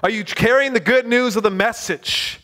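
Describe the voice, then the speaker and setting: A man's voice: extremely high pitch, moderate pace, sharp tone. A man preaching a sermon in a fervent, exclaiming way.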